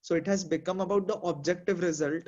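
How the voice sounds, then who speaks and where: High-voiced man musing in a muffled call. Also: steady tone, quick pace, a little mellow. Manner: thoughtful, explains with examples, many fillers. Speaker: discussion participant. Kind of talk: casual group discussion.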